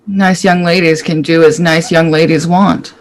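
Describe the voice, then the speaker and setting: A man's voice: a little high, flat delivery, moderate pace, close to an everyday voice, rough recording. A man voicing a cool, sassy young female vampire with a dry, unbothered delivery.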